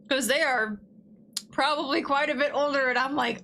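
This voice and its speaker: A woman's voice: high voice, normal speed, fairly bright tone, slight background noise. A woman gaming livestreamer chatting casually at her desk, talking bluntly and swearing freely while she plays.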